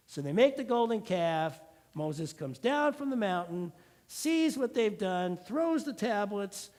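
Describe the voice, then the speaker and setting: A man giving a sermon as pastor, telling a story in a lively, conversational way. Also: sits high, measured pace.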